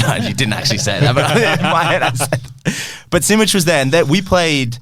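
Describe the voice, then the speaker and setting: Animated young man telling a story. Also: medium pitch, fairly quick, dry recording. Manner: animated, laughing storyteller, acts out his own reactions. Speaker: football kit store owner, podcast guest. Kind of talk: casual storytelling chat.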